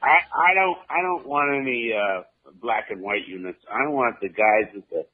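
A man co-hosting a radio show, telling stories in a slow, drawn-out way with many fillers. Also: medium pitch, lively intonation. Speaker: radio co-host. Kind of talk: casual radio chat. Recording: tinny phone-like radio line.

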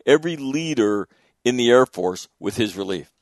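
A man's voice: mid-range voice, animated, normal speed, no room sound, clean studio sound. A man hosting a talk radio panel, emphatic and profane, often stacking repeated words as he pushes a point. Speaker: radio show host. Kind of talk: casual panel discussion.

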